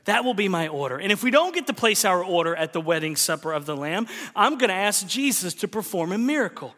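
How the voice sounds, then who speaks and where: A man's voice: high voice, sing-song, brisk, pushed and bright. A pastor from Oklahoma preaching a sermon to his church, telling folksy, joking stories. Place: church sanctuary. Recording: reverberant church hall.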